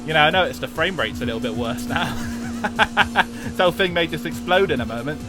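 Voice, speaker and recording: A man's voice: a little high, lively intonation, brisk, loud music behind the voice, close to an everyday voice. A man putting on a jokey Cockney accent while streaming a racing game, with hammy, boisterous banter. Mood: cheeky. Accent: put-on Cockney.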